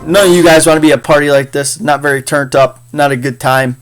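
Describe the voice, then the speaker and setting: A man's voice: fairly high pitch, fairly even intonation, fast, hardly any pauses, over music. A man teaching a casual history lecture in a chatty, jokey way with frequent fillers. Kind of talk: casual recorded class lecture.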